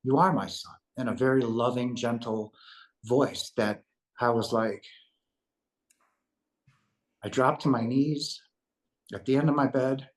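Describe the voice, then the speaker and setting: A man's voice: mid-range voice, steady tone, slow, long pauses, low-quality recording. A man giving an earnest spiritual testimony as an interview guest, emphatic, repeating himself and asking "right?" as he goes.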